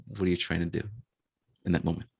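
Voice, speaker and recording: Deep-voiced man narrating a tabletop game. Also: level tone, vocal fry, a little mellow. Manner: slow, descriptive narration with hesitations. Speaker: game master.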